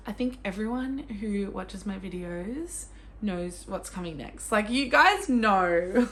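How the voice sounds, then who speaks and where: A young Australian woman talking casually about books as a vlogger, gushing and excitable, with sudden squeals and swearing. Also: mid-range voice, normal speed. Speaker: book vlogger. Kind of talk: casual chat.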